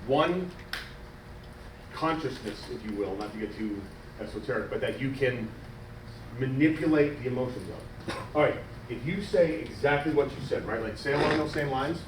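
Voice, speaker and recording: Man, wrestling promo coach, casual animated teaching, echoey room, far from the mic. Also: medium pitch, normal speed, pauses often, background noise. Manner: animated, demonstrates cadences, coaxing. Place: wrestling school training room.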